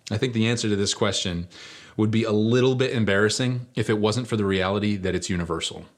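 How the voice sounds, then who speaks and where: Man, pastor, fairly low voice, chatty sermon storytelling, lots of ums. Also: fast. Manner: relaxed storytelling with fillers.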